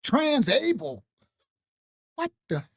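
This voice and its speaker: A woman giving a casual, animated teaching on a late-night live stream. She talks straight to her viewers, repeats herself and laughs often. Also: high-pitched, extremely slow, husky, no echo, studio quality. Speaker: ministry teacher.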